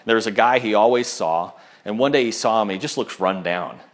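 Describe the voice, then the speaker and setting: Lowish-voiced man telling a sermon story. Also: a little fast. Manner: animated storyteller who acts out quoted people.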